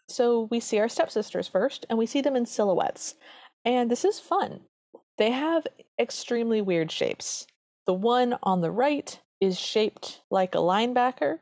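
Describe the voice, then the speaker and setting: A woman's voice: medium pitch, mellow, dry recording, clean studio sound. A woman co-hosting a podcast, chatting earnestly as she reviews an old cartoon. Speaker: podcast co-host. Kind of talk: casual chat reviewing a cartoon.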